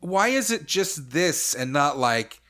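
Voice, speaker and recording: Rambling, animated male podcast host. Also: on the high side, slow pace. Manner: rambling, heavy use of "like", mock-outraged ranting. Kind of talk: casual gaming podcast chat.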